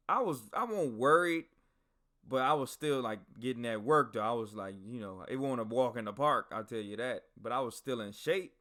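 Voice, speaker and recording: A man's voice: on the low side, fairly bright tone. A man hosting a podcast, telling stories casually and profanely, talking straight to his listeners. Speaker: podcast host. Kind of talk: casual storytelling.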